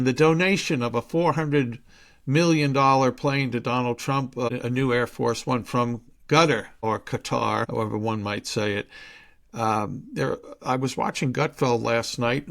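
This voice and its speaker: A man's voice: medium pitch, vocal fry. A man hosting a podcast in a chatty way, putting questions to his guest. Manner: chatty, with short agreeing interjections. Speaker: podcast host.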